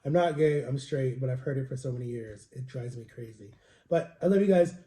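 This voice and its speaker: A man's voice: mid-range voice, brisk, mellow. A man rambling through a personal story in a casual vlog, in a confiding way. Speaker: vlogger. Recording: roomy, echoey home recording.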